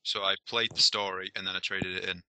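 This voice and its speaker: A man's voice: deep voice, little pitch movement, brisk, pushed and bright, smooth, no room sound. A man chatting casually on a gaming podcast, easygoing and laughing along. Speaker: podcast co-host. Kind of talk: casual chat.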